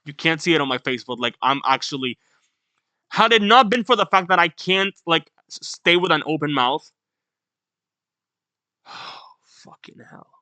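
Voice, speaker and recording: A young man hosting a manga reaction, reading aloud and reacting excitedly, swearing and breaking into high yells. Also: normal speed, dry recording.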